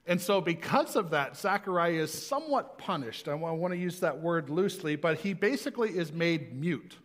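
A man preaching a sermon in a conversational, animated way, slowing down to stress key words. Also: a little high. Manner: conversational, animated, slows for emphasis.

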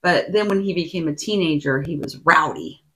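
Her voice sits low, bright and forceful, at a normal speed, with a little hiss or hum in the recording. Co-hosting a casual podcast, she giggles her way through a story and tries out silly accents.

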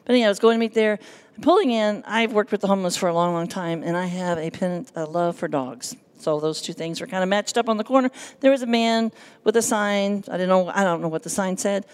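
A nervous woman giving a personal testimony to a congregation, animated and self-deprecating, acting out the voices in her story. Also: medium pitch, quick pace, smooth. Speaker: church speaker giving testimony.

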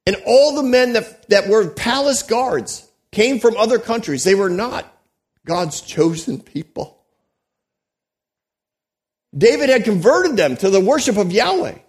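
Guy with a high voice preaching, tells the story animated, lots of restarts and little asides. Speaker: pastor. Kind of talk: sermon.

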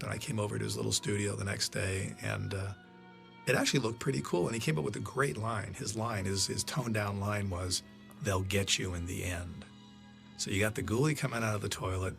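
A man's voice: lowish voice, brisk, vocal fry, fairly bright tone, soft background music. A man producing films, telling rambling, profane stories in a casual commentary and stopping to react to scenes on screen. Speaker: film producer giving commentary. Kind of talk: casual anecdotal audio commentary.

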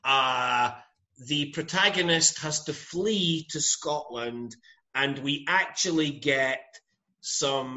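A man co-hosting a film podcast, talking in a relaxed, rambling way. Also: fairly high pitch. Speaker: podcast co-host. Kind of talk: casual podcast chat. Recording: dull lo-fi sound.

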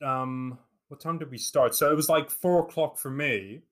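At a moderate pace, a slightly bright, higher-leaning male voice carries this casual podcast chat over a remote call. The host is in his twenties, comes from England and was raised in New Zealand, and he rambles, restarting often and using plenty of fillers.

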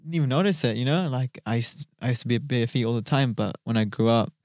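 A man's voice: mid-range voice, fast talker, a little mellow, dry recording, studio quality. Rambling young New Zealand man. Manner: rambling, many fillers, enthusiastic. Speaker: dancer guest. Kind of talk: casual podcast chat.

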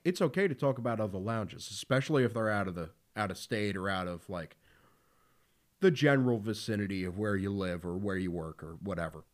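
This podcast host, from around Philadelphia, speaks on the low side and a little fast. He keeps things casual, blunt, and profane, with plenty of filler words.

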